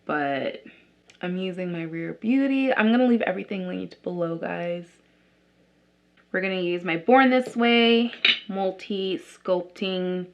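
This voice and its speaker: A woman's voice: lowish voice, muffled recording. Chatty young woman rambling over makeup. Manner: chatty, rambling, many likes and restarts. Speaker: beauty vlogger. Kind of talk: casual chat while doing makeup.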